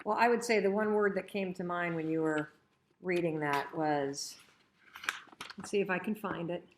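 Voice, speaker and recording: A middle-aged woman hosting a motivational training session, talking in an energetic, chatty and emphatic way. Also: lowish voice, moderate pace, a little hiss or hum. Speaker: host and coach.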